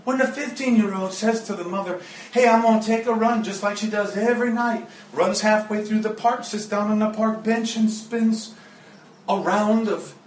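High-voiced man preaching in an echoey room. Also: moderate pace, a little hiss or hum. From Joplin, Missouri area. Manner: earnest, emotional storytelling with laughs. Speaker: guest preacher. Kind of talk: storytelling sermon. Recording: echoey room, mic at a distance.

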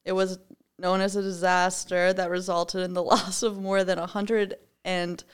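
A woman's voice: on the low side, little pitch movement, moderate pace, smooth. A woman co-hosting a podcast, chatting casually in a bubbly, jokey way and laughing often. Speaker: podcast co-host. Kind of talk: casual chat.

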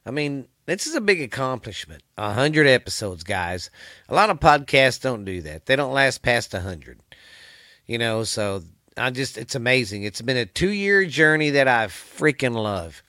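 A man with a Texan accent hosts his own podcast from a home studio, chatting on his own in a rambling, folksy, profane way. His mid-range voice is very animated and sharp at a normal speed, and the studio mic is visible on camera in a recording with no echo.

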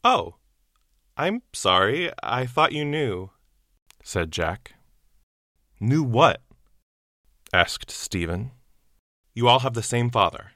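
A young adult man, an actor, reading a short story aloud and acting out the dialogue with lively voices, then chatting casually about it. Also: medium pitch, takes it slowly, long pauses, dry recording, studio quality. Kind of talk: storytelling narration and casual reflection.

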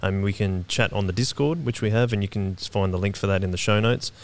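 A man hosting a podcast, wrapping up the episode in a friendly, relaxed way with a few fillers. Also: lowish voice, fast. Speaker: podcast host. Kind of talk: podcast sign-off.

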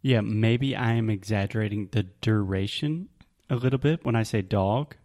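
A man's voice: lowish voice, darkish tone. A man with a Southern US accent, patiently teaching English pronunciation through examples in a casual chat. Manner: patient, explains slowly with examples.

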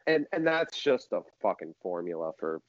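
A man telling a long story as a podcast guest, rambling and animated, with many restarts and fillers. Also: low voice, moderate pace, lo-fi sound. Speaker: musician guest.

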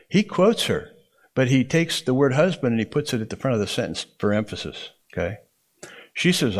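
A man's voice: medium pitch, sing-song, normal speed. A man teaching a Bible interpretation class, explaining in a folksy way and often checking in with the room. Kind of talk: classroom lecture.

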